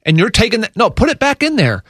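A man's voice: high voice, no echo, clean studio sound. A man co-hosting a sports radio show, ranting casually and emphatically. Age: adult with young children. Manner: animated, emphatic, quick rants.

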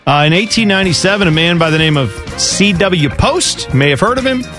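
A man on sports radio with a lively, bouncing delivery and a slightly high voice. He rants quickly about team names and reads quiz questions with a music bed playing clearly underneath. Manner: animated, ranting, fast asides. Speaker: radio co-host.

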